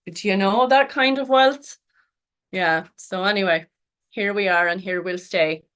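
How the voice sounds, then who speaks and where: A woman's voice: mid-range voice, a little slow, a bit bright, clean tone. An Irish woman in middle age talks through a personal story in a loose, conversational way. She laughs often, trails off and restarts, and keeps filling gaps with little verbal fillers. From Ireland. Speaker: podcast guest. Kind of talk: casual storytelling interview.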